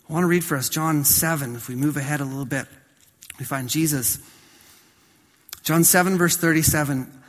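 Male pastor preaching with long hall reverb. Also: fairly high pitch. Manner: dramatic swings from loud to soft, slowing on key phrases. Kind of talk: sermon.

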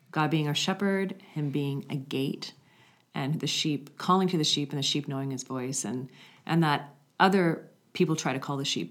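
A woman with a notably low voice tells a story for a faith podcast. She is animated and conversational, and at times drops into a hushed, intimate tone.

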